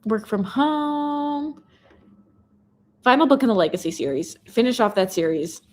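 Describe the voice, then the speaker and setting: A woman's voice: fairly high pitch, animated, measured pace. A young Canadian woman hosting a casual live reading stream, reading out viewer comments in a bubbly, chatty way. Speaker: booktuber reading chat host.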